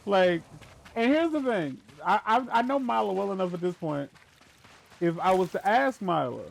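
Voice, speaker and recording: A man chatting casually on a live gaming stream, telling rambling, animated stories, restarting sentences and laughing at his own jokes. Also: sits high, measured pace, vocal fry. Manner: restarts and stammers often.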